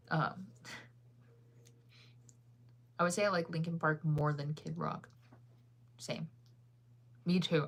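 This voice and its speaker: A woman's voice: lowish voice, gravelly. A young woman chatting casually on a livestream, laughing often and reading viewer comments aloud.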